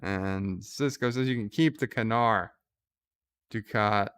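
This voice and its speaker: A man's voice: fairly low pitch, takes it slowly, a bit bright, smooth. A man hosting a live reaction commentary, casually retelling scenes with fillers and restarts. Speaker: channel host recapping an episode.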